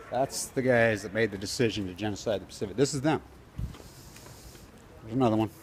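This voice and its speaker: A man's voice: medium pitch, a little hiss or hum. A man filming himself at a street protest, talking in a rambling, agitated, conspiratorial way into a handheld camera outdoors. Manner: agitated, conspiratorial, tells stories with quoted dialogue. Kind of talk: self-filmed protest vlog, rambling commentary. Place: outdoors on a street outside an office building.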